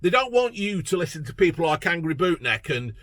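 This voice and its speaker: A man's voice: on the high side, very animated, fairly quick, a bit bright, no echo. A man from England, ranting bluntly and profanely about politics in a casual vlog. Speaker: political vlogger.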